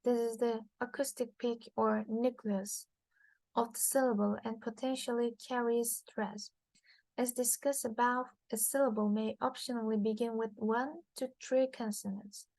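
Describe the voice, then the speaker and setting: A woman whose first language is Turkish, reading a linguistics lecture from slides, halting with frequent fillers and restarts. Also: fairly high pitch, fairly even intonation, vocal fry, darkish tone, no room sound, poor audio.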